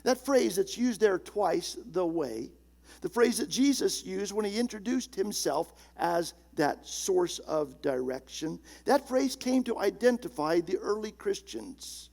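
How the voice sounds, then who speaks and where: A male pastor preaching a sermon, emphatic, slowing down and dropping low and soft on key words. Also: lively intonation, gravelly.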